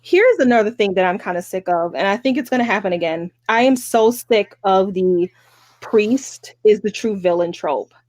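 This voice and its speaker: Brief: a talkative woman reviewer, mid-pitched, dry close sound, fed up with tropes. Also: animated, moderate pace, darkish tone, dry recording. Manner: chatty, exasperated, stumbles over names. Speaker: book review podcast co-host. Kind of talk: casual chat.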